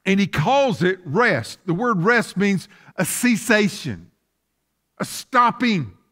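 A man's voice: high voice, sing-song, slow, fairly bright tone. A man preaching a sermon as pastor, asking fervent rhetorical questions.

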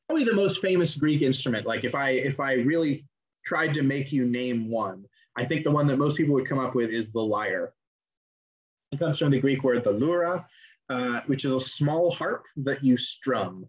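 A young man lectures an online class in a relaxed, chatty way, often pausing on ums and restarting his sentences. His voice sits at an ordinary middle pitch. The call audio is slightly dull and lo-fi. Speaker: class teacher.

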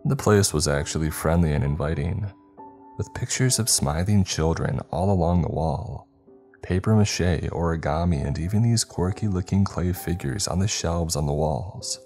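Very deep-voiced man narrating horror. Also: a little mellow. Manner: first-person storytelling, measured. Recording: faint background music.

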